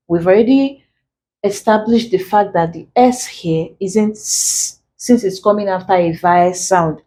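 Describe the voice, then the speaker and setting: A woman tutoring exam pronunciation, speaking deliberately and repeating each example word to drill the sounds. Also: medium pitch, warm tone, a little hiss or hum, low-quality recording. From Nigeria. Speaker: English tutor. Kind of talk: exam-prep pronunciation lesson.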